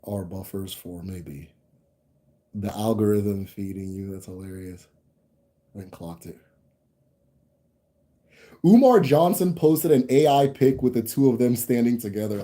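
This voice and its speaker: On a casual livestream, a young American host reads viewer comments and rambles, restarting and laughing throughout. He has a mid-range, dark-toned voice with lively intonation and speaks at a moderate pace.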